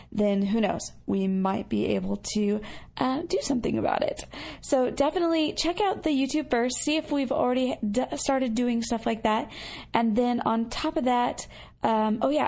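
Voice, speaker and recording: A woman's voice: fairly high pitch, gravelly, a little mellow. A woman co-hosting a podcast, answering listener messages in a casual, chatty way with lots of fillers. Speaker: podcast co-host.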